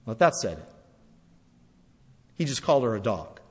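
Dramatic male preacher, very animated pitch, repeats lines for emphasis, long hall reverb. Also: moderate pace, husky. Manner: dramatic, swings between loud and hushed. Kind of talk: sermon.

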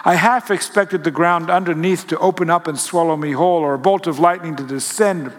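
A man telling a reflective first-person story in a musing, halting way, often correcting himself. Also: on the high side. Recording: long hall reverb.

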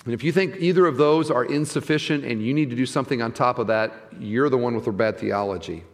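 A middle-aged man preaching a sermon as pastor, conversational, swinging from soft asides to loud emphasis. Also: medium pitch, quick pace, long reverb tail. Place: church sanctuary.

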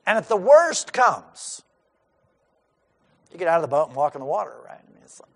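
A man's voice: fairly high pitch, big pitch swings, a little fast, fairly bright tone. A middle-aged male pastor giving a sermon in a conversational way, acting out the lines of the disciples.

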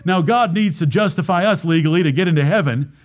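Pastor guy preaching hard, kinda high voice, repeats himself, lots of rhetorical questions. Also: fast. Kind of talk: sermon.

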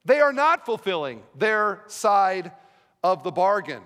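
High-voiced male pastor preaching in a hall. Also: big pitch swings, takes it slowly. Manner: emphatic preaching, rhetorical questions, dramatic drops to a quiet voice. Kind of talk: sermon.

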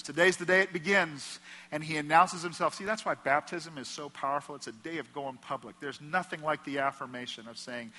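In a church sanctuary, a pastor with a bright, forceful voice preaches a passionate sermon that rings through a long hall reverb. Whenever he quotes someone, his voice drops low and quiet.

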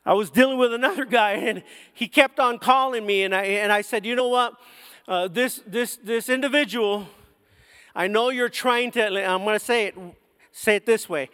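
A man preaching a sermon as pastor, impassioned, with sudden loud peaks. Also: high voice, normal speed, clear, resonant tone. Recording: long church hall reverb.

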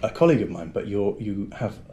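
A man's voice: lowish voice, expressive, warm tone, muffled recording, slight background noise. A man hosting a podcast, casual and teasing, introducing a guest. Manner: upbeat, teasing, quick to laugh along. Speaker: podcast host. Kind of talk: casual chat, interviewing.

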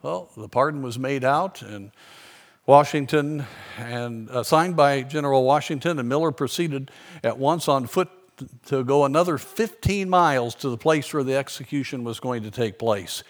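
A man preaching a sermon, telling a story in an earnest way and slowing down for emphasis. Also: mid-range voice.

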